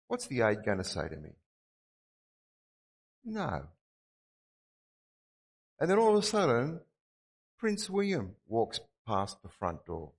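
Lively man preaching in a reverberant hall. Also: mid-range voice, takes it slowly, pauses often, slightly rough. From Australia. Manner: earnest, repeats key phrases for emphasis. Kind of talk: sermon.

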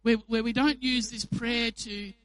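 A man preaching a sermon. He speaks in a conversational, animated way and uses playful examples. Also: very high-pitched, a little slow, dry recording, rough recording.

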